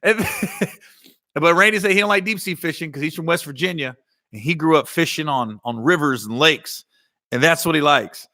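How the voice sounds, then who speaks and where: A man's voice: on the high side, normal speed, pushed and bright, no echo, clean studio sound. A man hosting a comedy podcast in casual storytelling style, rambling and correcting himself, with a slight Ohio Valley twang.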